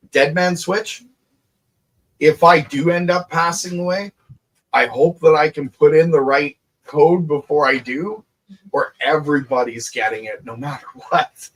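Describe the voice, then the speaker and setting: A man, an inventor, talking in a relaxed group video chat, animated and quick to laugh and swear. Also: on the high side. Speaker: inventor and show guest.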